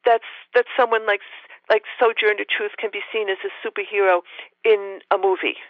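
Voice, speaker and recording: A man's voice: sits high, flat delivery, a little fast, no echo, phone-quality sound. A man in his sixties with a New York accent, a radio guest talking with enthusiasm and repeating words as he goes. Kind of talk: casual interview talk.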